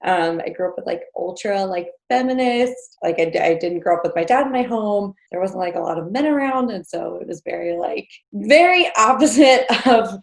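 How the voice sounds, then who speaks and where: A woman's voice: medium pitch, expressive, moderate pace, gravelly, few pauses. A woman in her thirties from New Jersey, a podcast guest telling a personal story in a chatty way with many fillers and small laughs. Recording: echoey room.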